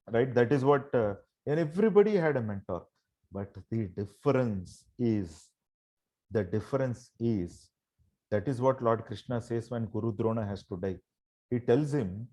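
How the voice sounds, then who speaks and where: A man leads a motivational session over a video call. His pitch sits in an ordinary middle range. He presses each point home, asking his audience question after question and addressing them warmly as dear friends. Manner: emphatic, rhetorical questions, repeats "my dear friends". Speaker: motivational trainer.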